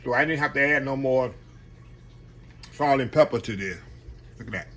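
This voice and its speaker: A man's voice: mid-range voice, moderate pace, pauses often, a bit bright, slight background noise. A man giving a casual cooking demonstration, chatting to his viewers and calling them y'all. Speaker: home cook hosting a cooking channel.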